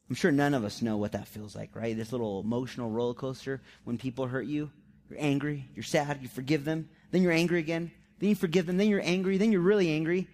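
A man preaching a sermon, animated and conversational, often throwing rhetorical questions to the congregation. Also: a little high, brisk. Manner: emphatic storyteller. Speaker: pastor.

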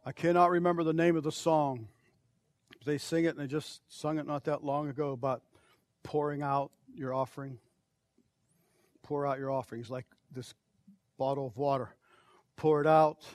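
A man preaching an altar call, impassioned, swinging from shouted pleas to near whispers. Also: on the high side, fairly even intonation, normal speed, long pauses, dry recording. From United States. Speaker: pastor.

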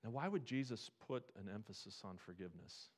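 A man's voice: fairly low pitch, expressive, fairly quick. Conversational male pastor preaching. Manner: conversational preaching with rhetorical questions and rising emphasis. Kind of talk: sermon.

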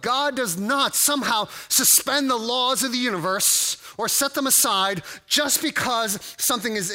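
A man's voice: sits high, sharp tone. A man preaching a sermon to a congregation, conversational and full of restarts and fillers. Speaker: pastor.

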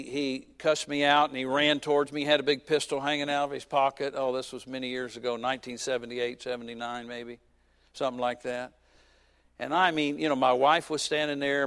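A pastor in his fifties preaches a sermon, telling a personal story with joking asides and moving between loud and soft. His voice is mid-range with a clean tone.

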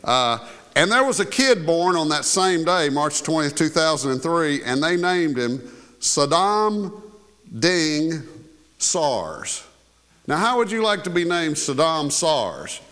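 A man's voice: fairly high pitch, very animated, a little slow, a bit bright. An older male pastor delivers a sermon in a church. His delivery is folksy and conversational, full of asides and fillers. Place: church sanctuary.

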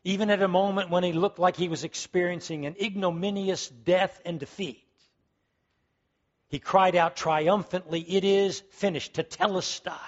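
A man's voice: high voice, steady tone, normal speed, muffled recording. A man preaching a sermon, emphatic and fervent, repeating key words as he builds to strong peaks. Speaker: pastor.

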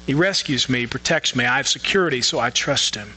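A man's voice: mid-range voice, a little fast, bright, forceful tone, slight background noise, low-quality recording. A man preaching a sermon as pastor, earnest and often restarting his phrases.

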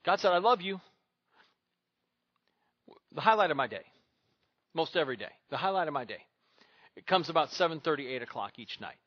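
A man's voice: fairly high pitch, big pitch swings, moderate pace, pauses often, fairly bright tone, dry recording, highs cut off. A man preaching a sermon as pastor, emphatic and repetitive.

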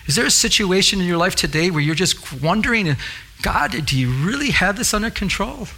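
A middle-aged pastor preaches earnestly, repeating his phrases and reading scripture aloud. His voice is bright and crisp, sitting a little high for a man. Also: lively intonation, a little fast. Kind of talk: sermon.

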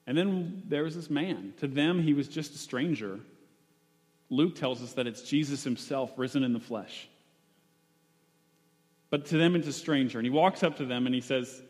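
A man's voice: mid-range voice, normal speed, long pauses, a little mellow. A man preaching a sermon in a conversational way, with frequent fillers and restarts. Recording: long hall reverb.

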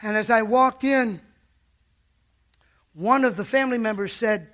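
A man's voice: sits high, unhurried, a bit bright. A man preaching a fervent sermon in a church, calling out to the congregation.

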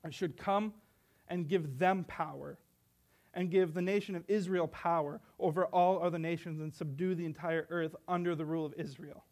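High-voiced young male preacher. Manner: earnest, rhetorical questions, reads scripture aloud. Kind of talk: sermon.

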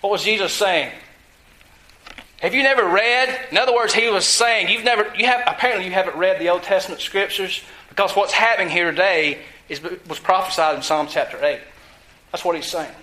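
A man preaching a sermon, teaching from scripture with emphasis and putting questions to his listeners, drawing some words out slowly for stress. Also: high-pitched, pushed and bright, poor audio. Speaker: pastor.

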